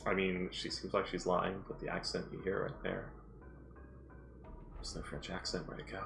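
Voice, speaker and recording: Man, game master, deep voice, gravelly, casual rambling chat, music behind. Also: flat delivery, moderate pace. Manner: rambling, self-deprecating.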